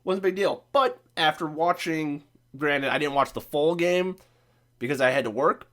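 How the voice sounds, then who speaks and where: A man's voice: fairly high pitch, lively intonation, normal speed, fairly bright tone. A man with a Midwestern American accent hosting a podcast, sick and voice cracking, ranting casually about sports with profanity and sarcasm. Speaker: podcast host.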